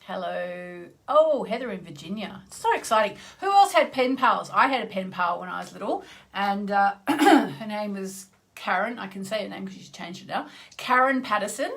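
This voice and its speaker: A woman from Tasmania, chatting casually on a live stream as an astrologer, greeting viewers by name and clearing her throat now and then. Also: mid-range voice, lively intonation, moderate pace, fairly bright tone. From Australia (Tasmania).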